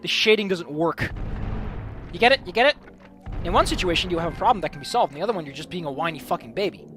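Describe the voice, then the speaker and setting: A man's voice: high voice, expressive, rapid-fire, over music. A man giving casual gameplay commentary, rambling and swearing freely as he tells a story. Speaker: let's play streamer.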